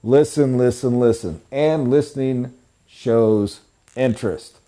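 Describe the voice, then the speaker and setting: Man, sales trainer, middle-aged, emphatic, pitch leaps for emphasis, warm mellow tone. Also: slow. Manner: animated, emphatic, jumps to high excited pitch for emphasis. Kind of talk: live training lecture.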